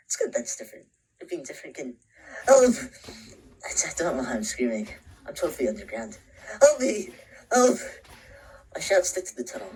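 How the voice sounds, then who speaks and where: A man's voice: medium pitch, slight background noise, rough recording. An actor playing an anxious, introspective young man who narrates a short film in a half-whispered voice. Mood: panicked. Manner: brooding, often half-whispered, breaks into panicked shouts.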